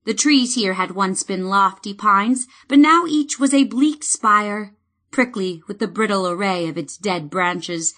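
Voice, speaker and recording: Reading from a fantasy novel, this audiobook narrator is a woman whose mid-range voice stays measured yet expressive.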